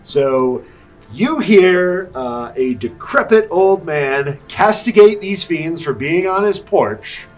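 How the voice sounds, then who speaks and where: A man running a tabletop game as dungeon master, narrating with a relaxed, laughing manner. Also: fairly high pitch, takes it slowly. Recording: distant mic with background music.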